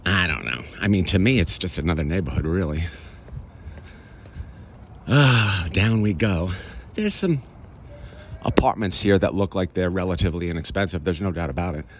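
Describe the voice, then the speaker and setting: A man's voice: deep voice, lively intonation, moderate pace, long pauses, slight background noise. A man walking through his own neighborhood outdoors, chatting to the camera in a casual, sarcastic way. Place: outdoors on city streets.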